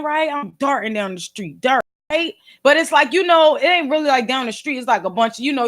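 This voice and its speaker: A woman in her thirties with a Philadelphia accent, casually telling a story straight to her viewers in animated, slangy talk. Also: high-pitched. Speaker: podcast and video host.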